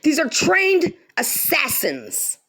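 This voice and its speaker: Fired-up woman ranting, high lively voice. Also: takes it slowly. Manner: heated, profane, emphatic, repeats lines for stress. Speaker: vlogger. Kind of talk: angry direct-to-camera rant.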